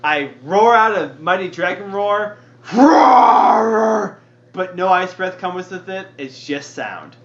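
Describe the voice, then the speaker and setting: High, lively-voiced man complaining in jest. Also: measured pace, hardly any pauses. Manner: joking, melodramatic complaining. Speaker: player. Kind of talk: casual tabletop game play. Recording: dull lo-fi podcast audio with faint noise.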